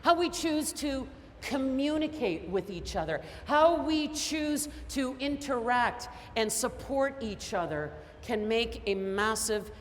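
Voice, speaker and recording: A woman from Canada giving a high-energy motivational keynote, telling stories with lots of emphasis. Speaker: keynote speaker. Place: large conference hall. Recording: echoey hall with faint noise.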